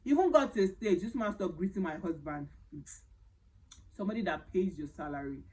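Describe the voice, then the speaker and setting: Animated Nigerian woman telling a story. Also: lowish voice, a little fast, poor audio. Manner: animated, dramatic storytelling with Pidgin phrases. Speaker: vlogger telling a personal story. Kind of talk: casual storytime.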